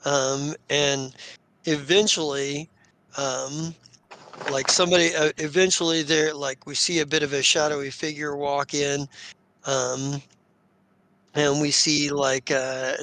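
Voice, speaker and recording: A man hosting a live-streamed tabletop game as game master, narrating in a halting way with many fillers. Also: a little high, level tone, sharp tone, a little hiss or hum. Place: home streaming setup.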